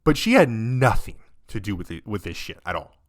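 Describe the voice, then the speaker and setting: A man's voice: fairly low pitch, sing-song, normal speed. A young man playing a game and commenting on it, upset and close to tears, who swears constantly and rants in broken, trailing sentences. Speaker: let's-play gamer.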